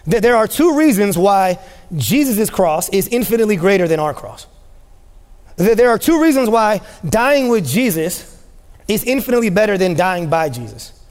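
A man preaching a sermon as pastor to his church, impassioned and rising to shouts, repeating phrases for emphasis. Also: high-pitched. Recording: long hall reverb.

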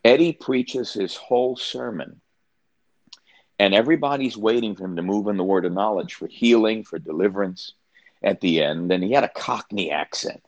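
A man's voice: on the low side, normal speed, dry recording. An older man, a pastor, telling a personal story as an interview guest, earnest and often restarting his sentences.

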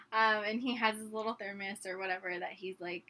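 A woman's voice: mid-range voice, normal speed. A young woman co-hosting a casual chat, telling a funny story with lots of giggling. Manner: giggly, animated anecdote-telling. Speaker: podcast co-host.

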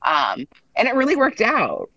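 A woman chatting casually as a podcast co-host, talking in quick bursts with plenty of "like" and acting out what others said. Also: a little high, huge pitch swings, pushed and bright, no room sound, highs cut off. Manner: chatty, lots of "like" and restarts, acts out quotes. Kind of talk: casual chat recapping a reality show.

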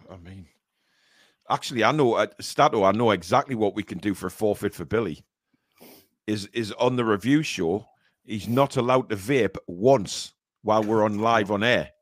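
A man's voice: fairly low pitch, moderate pace, dry recording. A man hosting a fan podcast in casual live chat, rambling and teasing with plenty of hesitations. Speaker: podcast host.

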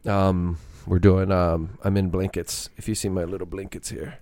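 A man's voice: sits low, little pitch movement, moderate pace, a little mellow, dry recording, studio quality. A middle-aged man hosting a podcast, talking in a laid-back, rambling, casual way. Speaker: podcast host, father.

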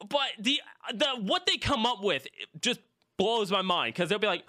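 Lively, bright-voiced male podcast host. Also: high-pitched, moderate pace, dry recording, studio quality. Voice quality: blurs some consonants, mixes P and B sounds. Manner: animated, laughs often, swears casually. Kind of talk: casual podcast chat.

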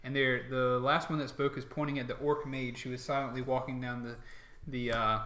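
Game master, male, halting narration, echoey room. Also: mid-range voice, little pitch movement, sharp tone, slight background noise. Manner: hesitant, lots of fillers.

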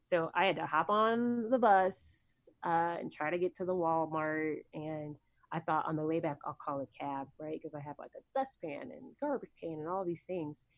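A woman's voice: deep voice, normal speed, no room sound, phone-quality sound. A woman guest on a podcast, telling stories from her career in a chatty, rambling way with many ums and likes. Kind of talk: casual interview storytelling.

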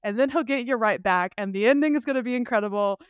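A man co-hosts a casual film podcast, talking animatedly with frequent restarts and the occasional swear. His voice is smooth and resonant, recorded close and dry with no room sound. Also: extremely high pitch, quick pace, no room sound. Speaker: podcast co-host.

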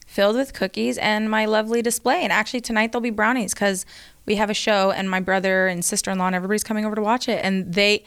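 A woman in her thirties, co-hosting a casual chat and telling animated stories about her kids. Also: medium pitch, fast talker, clean tone. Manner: chatty storyteller, animated quoted voices. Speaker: co-host.

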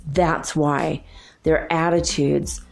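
A woman's voice: deep voice, flat delivery, slow pace, vocal fry, soft background music. A middle-aged woman from Minnesota, talking in a rambling, chatty way with frequent laughs as she muses on spiritual matters. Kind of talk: casual spiritual musing.

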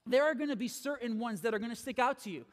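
Male pastor with a very high voice, preaching energetically in a church hall with long reverb. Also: quick pace. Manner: energetic, repeats phrases, checks in with "okay?". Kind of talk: sermon.

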